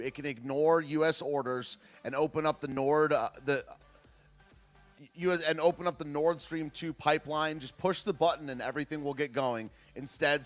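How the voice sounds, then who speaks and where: A man hosting a political podcast. He argues heatedly with comments from his chat and rambles through many restarts. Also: on the high side. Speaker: podcast host.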